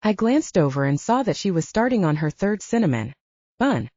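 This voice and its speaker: A woman narrating a first-person audiobook in an expressive storytelling manner, close to the mic. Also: medium pitch, moderate pace, dry recording. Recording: slightly dull, dry recording.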